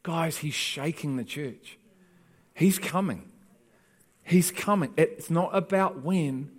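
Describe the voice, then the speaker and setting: A man preaching a sermon, pleading with urgency, and later praying in a hushed voice. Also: fairly high pitch, slow pace. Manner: hushed prayer. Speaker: pastor.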